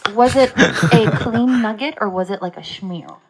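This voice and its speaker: A young woman reacting in a casual podcast chat with quick exclamations and laughter. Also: mid-range voice, a loud crowd, poor audio.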